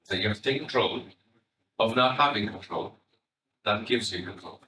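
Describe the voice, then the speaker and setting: A man's voice: lowish voice, normal speed, distant mic. Irish man speaking in an echoey hall. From Ireland. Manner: animated storytelling, acting out quoted dialogue. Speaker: family psychotherapist giving a talk. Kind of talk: conference talk to educators.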